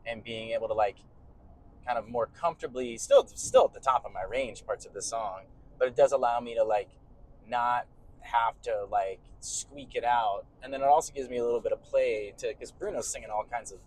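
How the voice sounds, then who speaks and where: A man's voice: medium pitch, expressive, moderate pace, a little mellow, poor audio. Man talking over faint car noise. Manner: explains at length, hedging fillers. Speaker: podcast co-host and bandleader singer. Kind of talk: casual chat. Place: inside a moving car.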